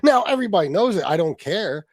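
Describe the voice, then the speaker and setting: A man hosts a livestream and argues with heated, profane mockery. His voice sits a bit high and leaps around a lot. The sound is dry and close. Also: very animated, fast talker, no room sound. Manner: profane, mocking, shouting at times. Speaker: livestream host.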